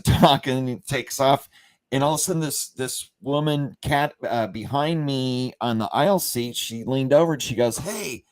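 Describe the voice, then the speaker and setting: In casual storytelling chat on a company livestream, the male host wanders through an anecdote, restarting and filling gaps as he goes. Quoted lines get acted out with dramatic pitch jumps.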